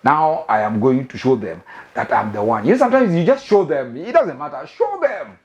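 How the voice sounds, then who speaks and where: Kenyan male host, young adult, comic storyteller, lively swooping pitch, laughs a lot. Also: fairly quick, muffled recording. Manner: animated, laughing, mixes English and Swahili slang. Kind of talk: comic monologue. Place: living room of a new house.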